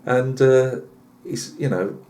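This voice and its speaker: A man's voice: medium pitch, takes it slowly, darkish tone. A British man telling a rambling comic tall tale on his channel, full of asides and fillers. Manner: chatty, lots of asides and fillers. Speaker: channel host.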